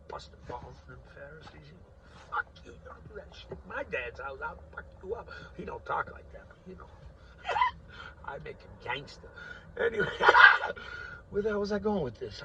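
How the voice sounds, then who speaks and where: A middle-aged man in a rambling, profane political monologue, laughing often and swinging between loud rants and muttering. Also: mid-range voice, gravelly, distant mic, very noisy. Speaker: vlogger.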